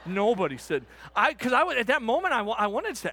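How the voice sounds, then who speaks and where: A middle-aged man, a pastor, telling a story in a sermon, animated and swinging from shouts to hushed tones. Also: very high-pitched, fast, few pauses.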